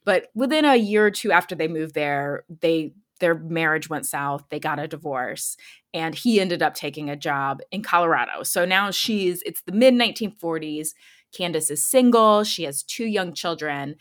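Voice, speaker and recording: A woman's voice: low-pitched, lively intonation, moderate pace, a bit bright. A woman in her thirties telling a story in a casual chat, with many filler words. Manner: chatty, lots of "like" fillers, laughs often. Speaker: podcast host telling a true-crime story.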